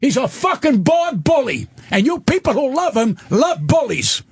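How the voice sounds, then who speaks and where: Loud ranting older man, very high-pitched. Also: sing-song, moderate pace, slightly rough, dry recording, studio quality. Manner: loud, emphatic, ranting, profane. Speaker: guest comedian. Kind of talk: profane comic rant.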